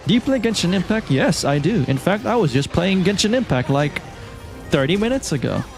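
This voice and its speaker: The game streamer from Malaysia has a high voice and talks a little fast. In a laid-back, talkative way he goes through his chat and replies to viewers, game music playing quietly behind.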